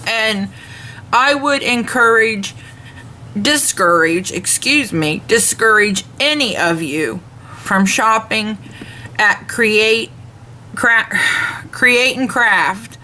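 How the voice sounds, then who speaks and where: A woman vlogging a complaint, retelling a phone call in an earnest, measured way and speaking openly about her faith. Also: on the high side, animated, sharp tone, slight background noise. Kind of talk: complaint rant to camera.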